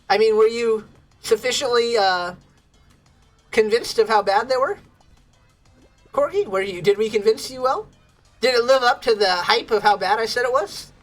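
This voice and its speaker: A woman's voice: on the high side, fairly bright tone. A woman streaming a game, chatting casually and bubbly with her viewers and laughing often. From United States. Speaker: livestreamer. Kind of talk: casual chat with viewers while gaming.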